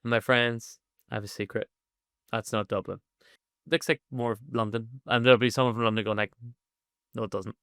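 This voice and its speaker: Sweary animated man, smooth dry voice. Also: medium pitch, fairly quick, no echo. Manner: animated, sweary, laughs often. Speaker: podcast co-host. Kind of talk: casual chat recapping an episode.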